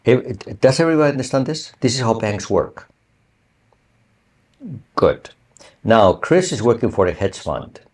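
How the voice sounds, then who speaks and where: A man's voice: mid-range voice, lively intonation, unhurried, pauses often, a little mellow. A male university lecturer explaining material in a conversational way, often checking with the class whether they follow. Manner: conversational, asks the class for confirmation. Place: online or recorded lecture.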